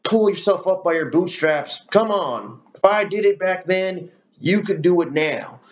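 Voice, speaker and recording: A man's voice: sits high, expressive, a little slow, lo-fi sound, pitched above the performer's own voice. A man putting on a mocking accent to play a preachy conservative man who lectures about bootstraps.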